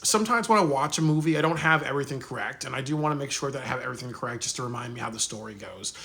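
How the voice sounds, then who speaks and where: A man giving a casual spoken movie review, rambling with many pauses and restarts. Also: mid-range voice, bright, forceful tone.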